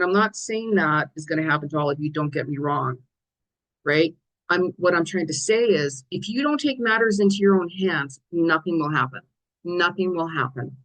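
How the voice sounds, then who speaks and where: A woman's voice: lowish voice, rough recording. A middle-aged woman psychic giving a weekly forecast in a casual, chatty way, acting out little quoted asides as she goes. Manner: chatty, animated, many quoted asides and restarts. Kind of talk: casual chat.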